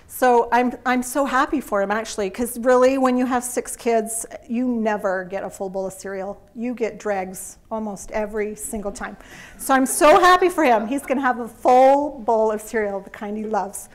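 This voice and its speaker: Lively woman giving a parenting talk. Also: a little high, moderate pace. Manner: animated storytelling, laughs often. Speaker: parenting workshop presenter. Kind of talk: live talk to an audience.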